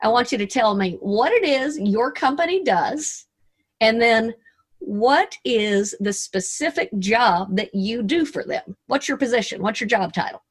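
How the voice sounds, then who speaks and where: Speaking over a video call, this Arkansas radio DJ, a middle-aged woman with a Southern accent, delivers an upbeat motivational talk. Her voice is a little high and her pace measured, and she keeps things folksy and chatty with playful asides.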